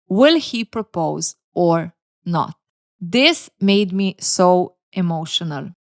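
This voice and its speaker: Woman host, casual recap vlog, blunt and candid, mid-pitched. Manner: blunt, opinionated, openly emotional. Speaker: reality show reviewer.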